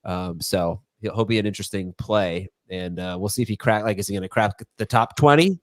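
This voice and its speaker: A man's voice: lowish voice, brisk, no room sound. Chatty male host, dry sound. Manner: chatty, loose, fills with "uh". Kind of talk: casual live Q&A chat.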